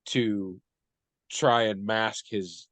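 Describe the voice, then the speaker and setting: A man's voice: fairly low pitch, fairly even intonation, fairly bright tone, no echo. Thoughtful man in casual discussion. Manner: thoughtful, measured, hedging. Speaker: podcast co-host.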